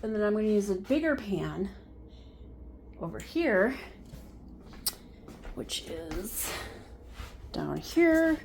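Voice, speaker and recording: Home-cook vlogger woman, easygoing rambling chat in her kitchen, clear background noise. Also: medium pitch, big pitch swings, slow, pauses often. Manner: rambling, thinks aloud with fillers. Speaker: cooking vlogger. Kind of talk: casual cooking vlog chat.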